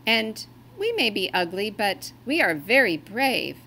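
A woman's voice: medium pitch, very animated, a little slow, pushed and bright, slight background noise, exaggerated voice. A woman doing the eager littlest reindeer. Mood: proud. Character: littlest young male reindeer, eager and brave.

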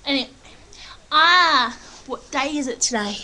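A woman's voice: sits high, expressive, unhurried, bright, forceful tone, rough recording. A young Australian woman chatting casually on a home webcam in her living room, talking in a put-on American accent, rambling and giggly. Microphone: built-in webcam mic.

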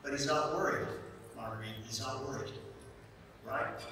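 A man's voice: medium pitch, normal speed, a little hiss or hum. A man giving a motivational stage talk to a conference crowd, telling stories with emphatic repetition. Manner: energetic, storytelling, emphatic repetition. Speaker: motivational speaker at a real estate event. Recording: echoey hall, mic from a distance.

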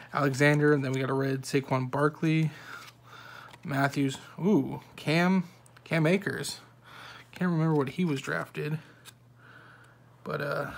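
A man hosting a home card-opening video, reading off player names one by one with quick offhand remarks in a soft-spoken way. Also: mid-range voice, gravelly, a little hiss or hum. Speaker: card-opening channel host. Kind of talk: casual card-opening commentary.

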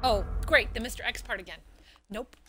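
A woman's voice: fairly high pitch, fairly quick, slight background noise. A woman playing a horror game on her channel, panicking, swearing, and pleading with the game and a friend. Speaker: gaming host. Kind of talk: let's play commentary. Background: loud game music.

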